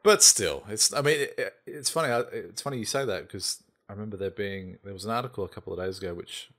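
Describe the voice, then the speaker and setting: A man's voice: fairly low pitch, fast talker, a bit bright. A man hosting a casual gaming podcast, laid-back and joking as he steers the topics. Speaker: podcast host.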